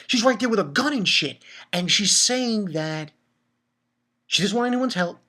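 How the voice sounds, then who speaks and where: Male anime reviewer, casual recap, excitable, profane, stumbles and repeats words. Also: high voice, a little slow, long pauses.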